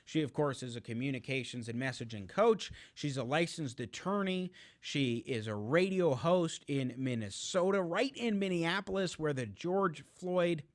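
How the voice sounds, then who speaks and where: An upbeat man opening his political talk show with a quick, scripted announcer delivery. His voice sits a bit above average in pitch. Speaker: podcast host.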